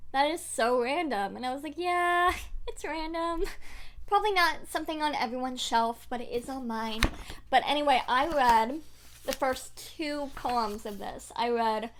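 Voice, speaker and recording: A woman's voice: high voice, moderate pace. Chatty young woman book vlogger. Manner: chatty, rambling, many fillers and restarts. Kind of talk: casual to-camera chat. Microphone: desk microphone.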